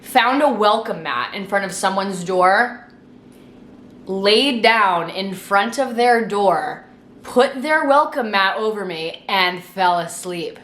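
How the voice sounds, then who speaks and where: A woman's voice: mid-range voice, slow. Tipsy twenty-something girl ranting a story to camera, swears a ton, room sounds echoey. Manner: chatty, swears a lot, animated retelling. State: tipsy from wine. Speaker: vlogger. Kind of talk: casual storytime monologue.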